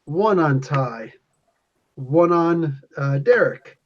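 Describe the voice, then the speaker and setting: Guy gm running a tabletop game, kinda high voice, rambly and loose, dull lo-fi sound. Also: lively intonation, very slow. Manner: casual, rambling with restarts and chuckles. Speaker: game master. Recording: lo-fi podcast audio.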